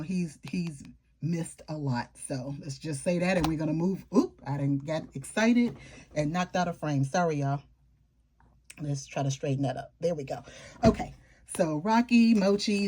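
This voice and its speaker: A woman with a lowish, mellow voice talks casually through a show-and-tell of her planner. She chats straight to her viewers in an informal, friendly way, with a faint hiss of background noise behind her. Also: normal speed. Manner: chatty, informal, talks straight to viewers with southern-style slang. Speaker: planner vlogger.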